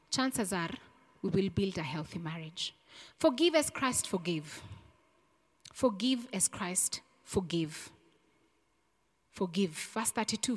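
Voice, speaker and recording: Woman preacher, earnest, repeats her points, fervent in prayer, long church reverb. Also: mid-range voice. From Kenya. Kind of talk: sermon and prayer.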